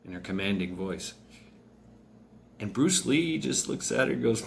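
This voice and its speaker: A man's voice: on the low side, lively intonation, unhurried, vocal fry, pauses often. A man casually telling a story aloud, rambling, with many fillers and restarts.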